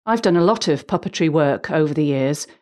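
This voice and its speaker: Measured, articulate middle-aged woman narrator. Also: low voice, animated. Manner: measured, articulate, gently humorous. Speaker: volunteer audiobook narrator. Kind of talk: reading a prepared personal account.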